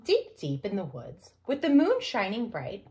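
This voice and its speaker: A woman's voice: medium pitch, wildly swooping pitch, a little slow, mellow. Sing-song woman reading to children. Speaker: children's librarian. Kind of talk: children's story time read-aloud.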